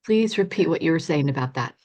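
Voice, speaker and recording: A woman on a video call asks the host a question. She speaks hesitantly, searching for her words, and her voice sits a little low. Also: lively intonation, quick pace, a little mellow. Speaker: caller asking a question.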